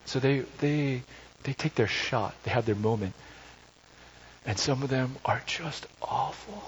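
In an unhurried, mid-range voice, a male pastor delivers a conversational sermon full of jokes on the side and frequent self-corrections. Faint hiss runs through a slightly dull recording.

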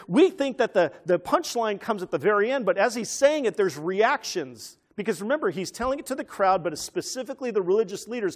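A man preaching an animated teaching sermon who keeps asking his listeners questions. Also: sits high.

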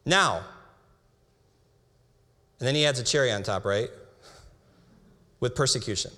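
A young man preaching a sermon, reading scripture slowly with emphasis and breaking into casual asides. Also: mid-range voice, animated, pushed and bright. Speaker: pastor. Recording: hall reverb.

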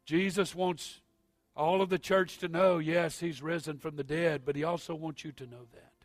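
A man preaching a sermon as pastor, moving from quiet, halting asides to loud, rising exhortation. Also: fairly high pitch, fairly even intonation, dry recording, soft background music.

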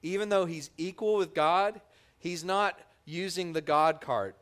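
A man preaching a sermon, telling the story with lively voices for its characters. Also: sits high, unhurried, clean tone. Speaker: pastor.

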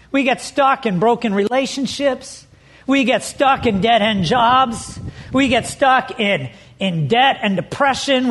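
A man's voice: very high voice, a bit bright. A middle-aged man preaching a sermon as pastor, telling stories with animation and leaning hard on key words.

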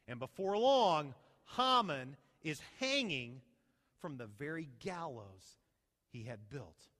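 Male pastor, high expressive voice, animated storytelling sermon, reverberant hall sound. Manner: animated storytelling with rhetorical questions.

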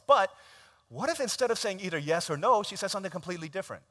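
Animated male pastor preaching. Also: fairly high pitch, fast. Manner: animated storytelling, acts out dialogue in a raised voice. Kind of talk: sermon with acted-out story. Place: church.

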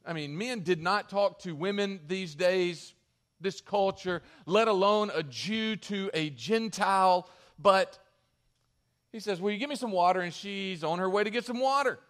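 Male pastor preaching, high voice, chatty and animated. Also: a little slow. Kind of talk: sermon.

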